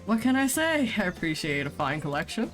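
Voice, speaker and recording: A woman's voice: fairly low pitch, very animated, fairly quick, fairly bright tone. A young woman streaming a dating game, reading the narration aloud in a playful, giggly way with joking asides. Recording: faint game music behind.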